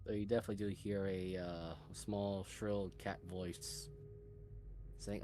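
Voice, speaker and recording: A man acts as game master, briskly calling for rolls and describing the scene. His voice sits on the low side, with a faint hiss behind it. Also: little pitch movement, dark tone. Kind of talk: narrating a tabletop game.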